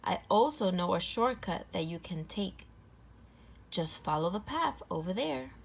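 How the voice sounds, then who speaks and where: A woman's voice: medium pitch, lively intonation, a little slow, vocal fry, a little hiss or hum. A woman doing a sly storybook wolf. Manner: sly, sweet-talking, turns to a growl. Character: sly male wolf, crafty and hungry.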